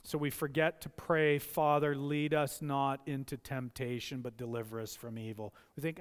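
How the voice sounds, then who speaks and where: A man's voice: mid-range voice, level tone, moderate pace, few pauses. A man preaching a sermon as a pastor, impassioned, often acting out the voices he quotes. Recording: long hall reverb.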